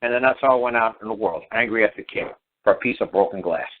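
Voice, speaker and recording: A man's voice: fairly low pitch, fast. A middle-aged man telling stories casually as a talk show guest, rambling, repeating himself and swearing freely. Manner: rambling, repetitive, blunt and profane. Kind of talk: casual storytelling on talk radio. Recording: tinny phone line on talk radio.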